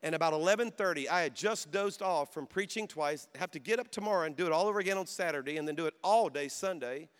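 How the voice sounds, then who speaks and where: A middle-aged man preaching with a notably high voice, moving from storytelling into loud, emphatic exhortation. He calls out to the congregation. The sound carries the long reverb of a big auditorium. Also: fast talker, few pauses, clear, resonant tone. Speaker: pastor. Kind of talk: sermon. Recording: long reverb of a large hall.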